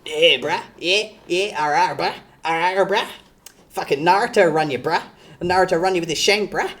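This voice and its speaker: A woman's voice: fairly low pitch, moderate pace, fairly bright tone, close to an everyday voice. A woman voicing a rowdy young male street thug, taunting and full of slang. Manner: slangy, taunting, repeats "mate" and "bruh". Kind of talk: comedic put-on voice on a live stream.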